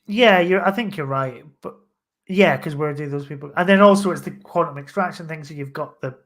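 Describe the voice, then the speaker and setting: A man's voice: a little high, fairly quick, a bit bright. A man hosting a live podcast in casual chat, jokey and rambling, with mild swearing. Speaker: podcast host.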